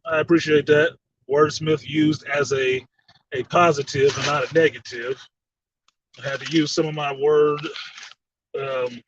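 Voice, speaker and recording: A man hosting a casual fan chat show, reading viewer comments, animated, laughing often and swearing freely. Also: mid-range voice. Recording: slightly distant dull mic with faint noise.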